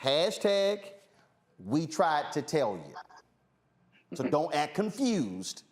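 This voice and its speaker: A man's voice: on the high side, very animated, takes it slowly. A man hosting a talk show, giving fiery political commentary and hammering points home by repeating phrases. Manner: emphatic, repeats phrases for force.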